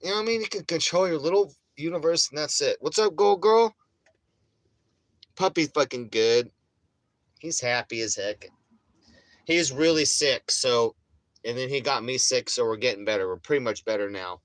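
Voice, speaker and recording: A man's voice: medium pitch, normal speed, fairly bright tone, dry recording. A man chatting casually on a livestream in a rambling, profane way, with frequent laughs, while getting over a chest illness. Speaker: vlogger.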